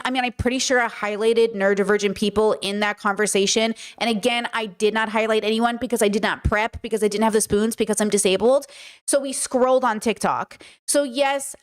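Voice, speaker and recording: A worn-out woman streamer talking frankly to her chat about her exhaustion, her voice a bit shaky. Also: a little high. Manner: tired, confessional, shaky voice. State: exhausted and drained. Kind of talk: casual livestream chat.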